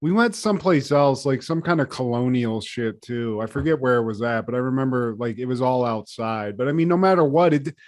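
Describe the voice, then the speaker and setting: A man co-hosting a podcast in loose casual chat, retelling scenes in a profane, animated way. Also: medium pitch, fairly quick, hardly any pauses. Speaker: podcast co-host.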